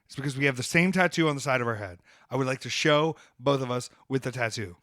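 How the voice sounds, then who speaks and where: A man's voice: mid-range voice, quick pace, fairly bright tone, no room sound. A man with a mid-range voice trash-talks on a podcast in a brash, comic, ranting way. The sound is dry and close on a studio mic. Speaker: podcast host and wrestler. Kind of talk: casual podcast chat.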